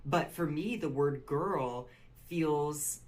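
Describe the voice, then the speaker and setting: A woman's voice: deep voice, takes it slowly, over a noisy crowd. A woman talking straight to camera in an upbeat vlog style, bubbly and sing-song with chirpy sign-offs. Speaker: social media video creator.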